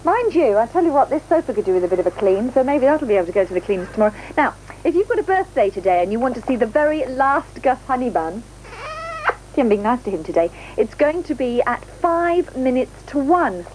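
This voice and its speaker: Brief: female children's TV host, bubbly and chatty, high and very lively, old broadcast audio under faint music. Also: a little fast, slight background noise, low-quality recording. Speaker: TV presenter. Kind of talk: children's TV birthday slot.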